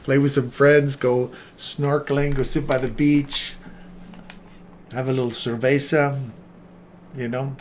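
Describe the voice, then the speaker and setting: A man's voice: medium pitch, fairly even intonation, measured pace, a little hiss or hum. A man hosting a live trading stream, chatting casually and joking with viewers by name.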